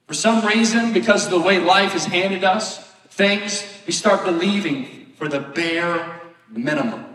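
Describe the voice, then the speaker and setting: A man's voice: sits high, a little slow, a bit bright, distant mic. A man preaching a sermon as pastor, talking conversationally and often asking "right?". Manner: conversational preaching with rhetorical questions. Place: church sanctuary. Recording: echoey hall, voice from afar.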